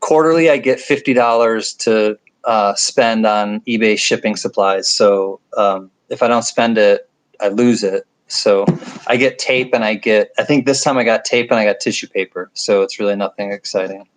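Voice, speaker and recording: A man's voice: lowish voice, normal speed, low-quality recording. A middle-aged man with a nasal upstate New York accent, hosting a casual livestream chat at home at night, joking and rambling as he reads viewer comments. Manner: rambling, joking, self-deprecating asides. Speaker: livestream host reading chat.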